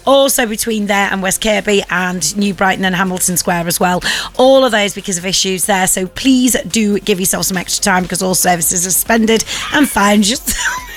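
Excitable radio co-host, woman, keeps giggling through the travel news. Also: mid-range voice, a little fast. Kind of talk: giggly radio banter and traffic report. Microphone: studio microphone.

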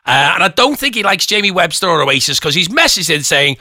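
Lively high-voiced radio host man. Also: fairly quick, few pauses, no echo, clean studio sound. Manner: chatty, playful, teasing. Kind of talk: casual radio banter.

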